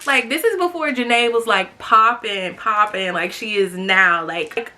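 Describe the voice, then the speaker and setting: A woman's voice: medium pitch, a little slow, bright, forceful tone. A young woman in her twenties chatting to camera, telling a story with lots of "like" fillers and asides to her viewers. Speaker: storytime vlogger.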